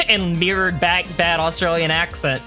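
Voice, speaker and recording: A man's voice: a little high, flat delivery, a little slow, over music. A man narrating a tabletop game as game master, casual and often laughing.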